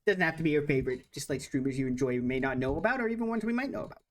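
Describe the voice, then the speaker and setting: A woman's voice: sits low, lively intonation, racing. A woman hosting a casual live stream chat, laughing often between questions. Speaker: stream host.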